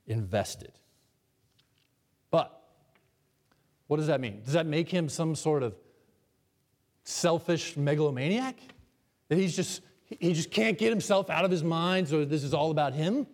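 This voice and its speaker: A male pastor preaching a sermon to his congregation, emphatic and varying between loud and hushed, asking the people questions. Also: on the high side, unhurried, pauses often, in a large hall.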